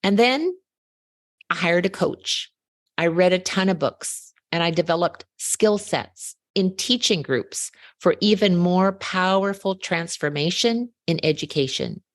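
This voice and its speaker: A woman's voice: on the low side, a little slow, dry recording. A woman hosting a podcast in a scripted monologue, telling a story with emphasis and rhetorical questions into a close mic. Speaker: podcast host.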